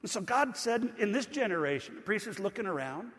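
A man preaching a sermon as pastor, conversational and earnest, slowing down to stress scripture. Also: high voice, lively intonation, fairly bright tone, in a large hall. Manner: earnest, conversational preaching with slow emphatic quotes.

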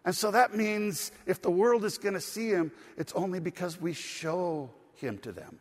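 A middle-aged man preaching a sermon as pastor, telling family stories in a relaxed, conversational way full of fillers and restarts. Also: sits high, moderate pace, hardly any pauses. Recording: long reverb of a large hall.

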